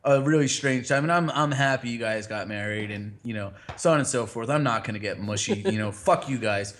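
A man's voice: mid-range voice, a little fast, a bit bright. Rambling, teasing, profane man host. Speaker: podcast host. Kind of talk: casual chat.

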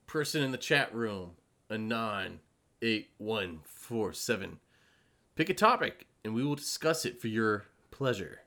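A man's voice: fairly low pitch, unhurried. A man hosting a podcast, chatting casually and addressing the viewers in the chat room. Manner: lively, speaks to the chat room. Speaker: podcast host.

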